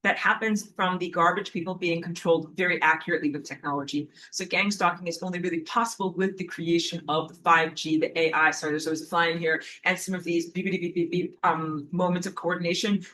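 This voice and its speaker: A woman talking alone to camera, telling a personal story and acting out quotes loudly. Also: fairly low pitch, brisk, slight background noise. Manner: animated, acts out quotes in a raised voice. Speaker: online teacher. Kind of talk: casual monologue to camera.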